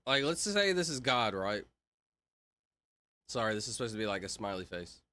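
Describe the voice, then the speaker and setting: A man's voice: lowish voice, big pitch swings, brisk, pushed and bright, no echo. A young man streaming, rambling in casual chat and full of "like" and "bro". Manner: rambling, filler-heavy, says "like" and "bro" a lot.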